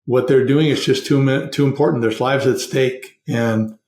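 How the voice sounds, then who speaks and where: Middle-aged male podcast guest, earnest and steady, mid-pitched, recorded with noticeable room echo. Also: moderate pace. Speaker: podcast guest, hiring consultant. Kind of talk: conversational interview.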